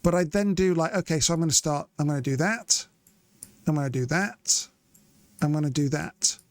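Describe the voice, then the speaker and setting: Chatty high-voiced man streaming. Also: moderate pace, dry recording. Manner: chatty, explains step by step. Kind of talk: live gameplay commentary.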